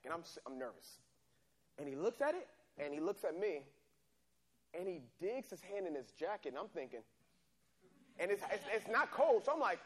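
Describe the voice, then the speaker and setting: A man preaching a sermon, telling a personal story with animated, acted-out scenes. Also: on the high side, brisk, a little hiss or hum.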